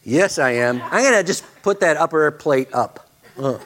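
A man's voice: a little high, expressive, normal speed, fairly bright tone. A male pastor preaching a sermon, dramatic and repeating phrases for emphasis.

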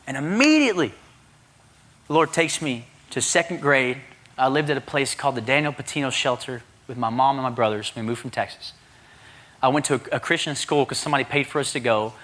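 A male pastor preaching a sermon, telling a personal story in an animated way and acting out the dialogue himself. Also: medium pitch, a little fast. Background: congregation responding.

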